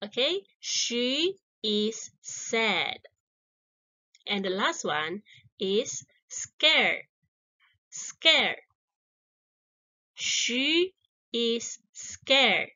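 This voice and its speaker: A woman leads a children's English lesson at a very slow pace, saying each word twice. Her voice is high and bright, and her pitch rises and falls a lot as she praises the class. The recording sounds dull and lo-fi. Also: big pitch swings. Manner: encouraging, drawn-out words repeated twice. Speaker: teacher.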